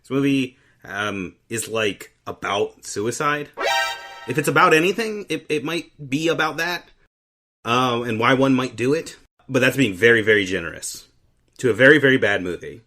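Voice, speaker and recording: A man hosting a casual comedy podcast, animated and quick to laugh, often stumbling over his words. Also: medium pitch, faint music behind. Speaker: podcast host.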